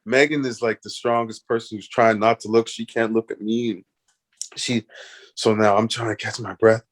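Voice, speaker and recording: A man's voice: lowish voice, fairly even intonation, normal speed. A man from Canada, a guest in an interview, telling a story animatedly with laughs and restarts.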